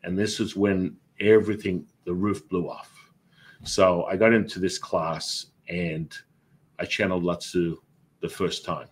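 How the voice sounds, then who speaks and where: A man, a Taoist master, telling stories in an interview in a lively way, acting out remembered dialogue. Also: low voice, a little slow, slightly rough. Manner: animated, acts out remembered dialogue. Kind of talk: personal storytelling in an interview.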